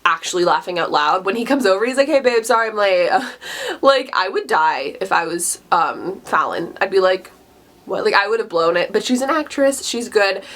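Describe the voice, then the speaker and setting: A woman's voice: mid-range voice, animated, brisk, few pauses, a bit bright. Woman, casual book talk vlog, gushing, enthusiastic, giggly, lots of "like". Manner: gushing, enthusiastic, frequent "like" fillers; laughs often mid-sentence. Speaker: book reviewer.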